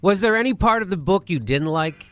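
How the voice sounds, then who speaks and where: A man's voice: sits high, animated, a little fast, a bit bright, no echo. A man hosting a comedy sketch as a radio host, asking patient questions and often laughing.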